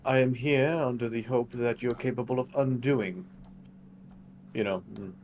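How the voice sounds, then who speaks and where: A man's voice: medium pitch, normal speed, crowd noise. A man playing in a tabletop game, joking and stuttering over his words. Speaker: player. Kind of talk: casual role-play chat.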